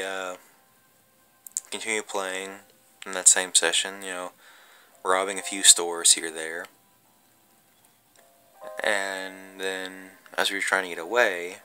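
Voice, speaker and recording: A man tells a spooky story about an online game in a loose, rambling way, cursing freely and stumbling through fillers. His voice is low and sharply bright. Quiet music runs in the background. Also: low-quality recording. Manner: rambling, profane, full of fillers. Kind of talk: casual creepypasta narration.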